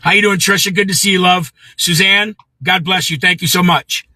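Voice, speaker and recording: A man's voice: sits high, steady tone, normal speed, sharp tone, dry recording, low-quality recording. Blunt, profane middle-aged man ranting. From Midwest of the US. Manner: blunt and profane, greets viewers by name. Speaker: livestream host. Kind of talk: ranting livestream monologue.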